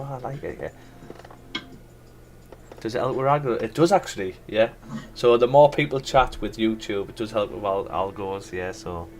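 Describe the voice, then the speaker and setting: Guy trading live, kinda low voice, just chatting to the chat, bit of music behind. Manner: chatty, thinks aloud, talks to the live chat. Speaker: forex trader streaming live. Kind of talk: live trading stream commentary.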